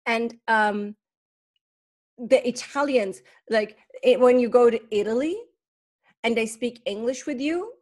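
A woman in casual conversation as a guest, talking in a lively way and often restarting her sentences. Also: on the high side, measured pace.

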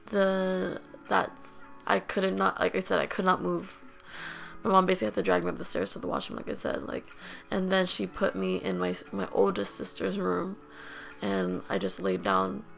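A woman's voice: lowish voice, very animated, normal speed, gravelly, a bit bright, soft background music. A young woman hosting a podcast, telling a personal story in a candid, rambling way, full of "like" and fillers. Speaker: podcast host.

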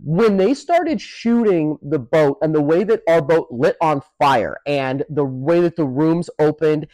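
A man's voice: on the high side, lively intonation, unhurried, darkish tone, no echo, low-quality recording. A man co-hosting a podcast, chatting enthusiastically about technical details he admired. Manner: enthusiastic, detail-focused commentary. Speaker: podcast co-host. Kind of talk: casual chat.

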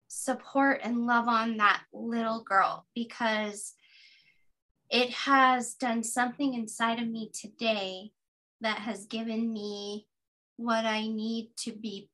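A woman in her fifties, a podcast guest, sharing a personal practice in an earnest, gently guiding way. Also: on the high side. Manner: earnest, gently guiding, slow deliberate affirmations.

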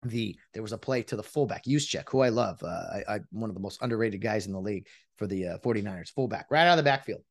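A man's voice: on the low side, expressive, quick pace, creaky. A man in a casual sports rant, exasperated and mocking, often restarting his sentences as he vents as a fan. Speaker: sports commentator venting as a fan.

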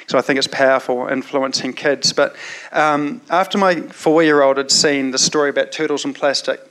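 A man's voice: mid-range voice, steady tone, moderate pace, a bit bright, smooth. A man with a New Zealand accent telling a personal story in a casual, rambling way, full of "you know" fillers.

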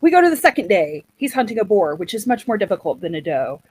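Woman, casual storyteller, animated, mid pitch, dry recording. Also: fast, husky, no room sound, poor audio. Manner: chatty, animated, acts out quotes.

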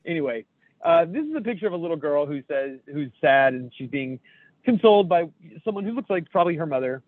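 A podcast co-host with a fairly high, animated voice reads memes aloud at a quick pace during a casual chat. Jokey and self-deprecating, he swears freely, and the dry recording sounds tinny, like a phone.

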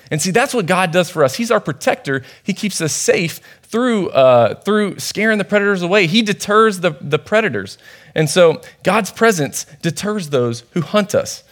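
A man's voice: on the high side, a bit bright. Young man giving a casual sermon. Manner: conversational, storytelling, many fillers. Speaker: youth pastor preaching. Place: church.

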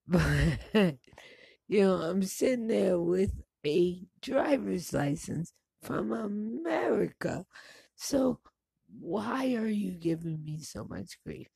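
A woman's voice: animated, takes it slowly, dark tone, no echo. A woman in her forties talking casually and bluntly to the camera, swearing freely and laughing between stories. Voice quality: low gravelly voice. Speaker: vlogger. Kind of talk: casual personal monologue.

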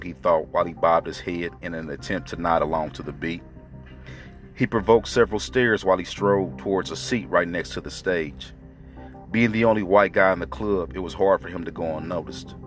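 Low-voiced male narrator, steady story reading over soft music. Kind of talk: scripted narration.

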